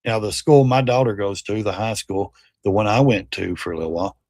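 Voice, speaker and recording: A middle-aged man hosting a casual livestream, reacting to videos with loud, blunt, slangy commentary. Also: lowish voice, brisk, gravelly, dry recording. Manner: loud, blunt, slangy, mocks and quotes the clips.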